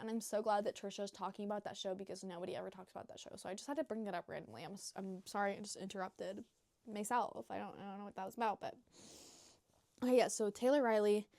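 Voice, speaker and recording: A young woman vlogger in a rambling casual chat, swearing freely and breaking into squeaky acted quotes. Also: darkish tone, no room sound, studio quality.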